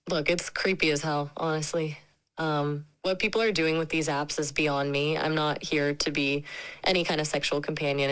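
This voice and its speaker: A woman's voice: low voice, rough recording. A woman's synthetic voice speaking as an AI companion, chatting in a friendly, casual, opinionated way. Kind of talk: conversational AI chat.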